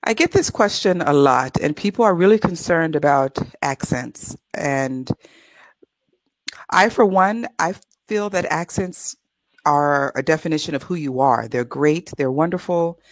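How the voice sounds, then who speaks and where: A cheerful, chatty woman from California speaks with a relaxed Californian American accent. Her voice sits on the low side, and the recording is dry and close. She talks as an English tutor being interviewed. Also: unhurried, no echo, rough recording. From California, USA. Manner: upbeat, chatty, laughs easily. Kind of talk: casual interview.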